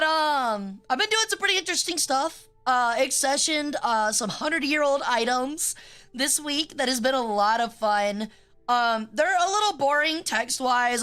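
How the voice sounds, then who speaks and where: A woman's voice: on the high side, a bit bright, clear, resonant tone. A young adult woman streaming, chatting casually in a rambling, joking way with frequent swearing.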